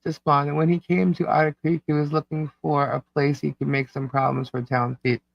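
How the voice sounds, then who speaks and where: A man with a New York accent co-hosting a casual livestream, reading chat comments out loud in a scattered, distracted way. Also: a little high, level tone, a little fast, gravelly, no room sound, dull audio. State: hiccups. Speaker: livestream co-host. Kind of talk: casual live-stream chat.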